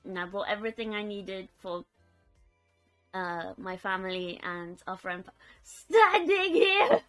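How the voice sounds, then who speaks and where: A woman's voice: lowish voice, flat delivery, measured pace, fairly bright tone, faint music behind. A young woman chatting casually on a live stream, giggling often and reading out chat. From United Kingdom.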